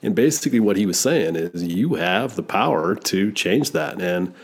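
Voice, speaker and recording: Husky-voiced male interviewer. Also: low voice, expressive, moderate pace. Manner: reflective, encouraging questions. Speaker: host. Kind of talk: conversational interview.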